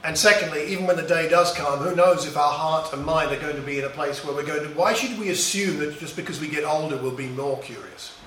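A man's voice: on the high side, fairly quick, hardly any pauses, a bit bright, recorded from a distance, a little hiss or hum. A middle-aged man giving a reflective personal talk, telling a story from his boyhood in a musing, storytelling way. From England. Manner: storytelling, musing, with small restarts. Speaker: speaker. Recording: roomy echo, voice a bit off-mic.

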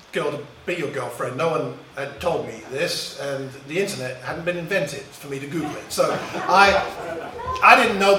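A man's voice: a little high, pushed and bright, far from the mic, slight background noise. A middle-aged man giving a reflective personal talk, telling a story from his boyhood in a musing, storytelling way. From England. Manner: storytelling, musing, with small restarts. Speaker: speaker. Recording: roomy echo, voice a bit off-mic.

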